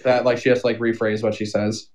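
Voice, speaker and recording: A man's voice: fairly low pitch, flat delivery, fast talker, darkish tone. A man in his twenties, a podcast guest, joking in a laid-back way during casual chat. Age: 20s.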